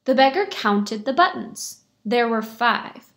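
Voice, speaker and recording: A woman's voice: a little high, lively intonation, slow. Teacher woman reading a picture book aloud.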